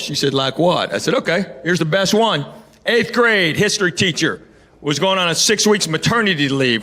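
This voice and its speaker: A male stand-up comedian telling stories in a dry, deadpan way, repeating words for punchlines, on a stage before a laughing audience. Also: fairly high pitch. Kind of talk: stand-up storytelling. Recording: live show with loud audience laughter.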